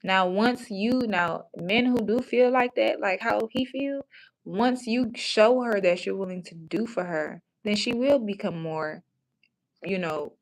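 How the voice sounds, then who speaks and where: A woman hosting a livestream in casual chat, talking bluntly and profanely, rambling with many restarts. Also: lowish voice. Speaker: livestream host.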